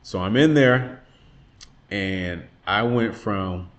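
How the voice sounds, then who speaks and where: A man's voice: low voice, very slow, highs cut off. A man in his thirties, a father earnestly telling a personal testimony about a hard time in his life. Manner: earnest, reflective, emotional retelling.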